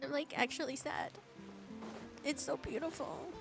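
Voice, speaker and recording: A woman's voice: high-pitched, normal speed, gravelly, music in the background. A woman streaming a video game as a VTuber, chatting casually with her viewers in a gushing, giggly way. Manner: gushing and giggly, talks to chat. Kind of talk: casual gaming stream chat.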